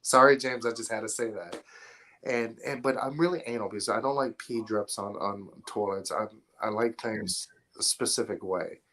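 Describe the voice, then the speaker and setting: A man's voice: on the low side, moderate pace, a bit bright. A man as a podcast guest, talking bluntly and profanely in casual chat, rambling through stories. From Atlanta area, US. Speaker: podcast guest, film installer.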